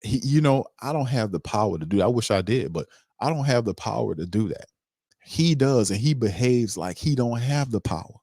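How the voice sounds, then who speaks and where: A man's voice: medium pitch, expressive, fairly quick, warm tone, slightly rough, no room sound, clean studio sound. A man hosting a sports podcast, ranting emphatically in casual slang with heated repetition. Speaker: podcast host.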